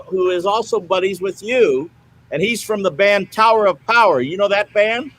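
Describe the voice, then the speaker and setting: A male co-host who steers the casual interview chat briskly. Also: sits high, a bit bright, rough recording.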